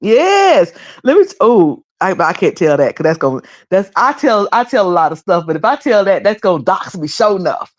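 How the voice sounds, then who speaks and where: A woman's voice: medium pitch, very animated, moderate pace, few pauses. Chatty Southern woman streamer, laughing easily. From the Carolinas. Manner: chatty, laughs often, teasing mimicry. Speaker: live streamer. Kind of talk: casual chat with live chat readers.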